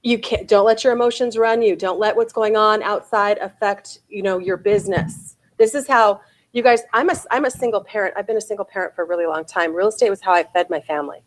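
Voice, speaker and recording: A woman's voice: mid-range voice, a little fast. A woman in her forties giving a real estate sales bootcamp talk, often asking her audience "right?" and "okay?".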